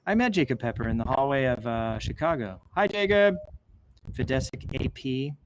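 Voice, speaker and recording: Lively in intonation and fairly quick, this medium-pitched male host reads posts aloud on a casual show and keeps veering into eager personal tangents, cutting himself off as he meanders. A little hiss or hum runs through the rough recording.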